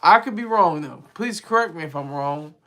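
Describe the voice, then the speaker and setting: A man hosting a casual political commentary vlog, talking in an animated, rambling way with frequent restarts. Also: fairly high pitch, moderate pace. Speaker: vlog host.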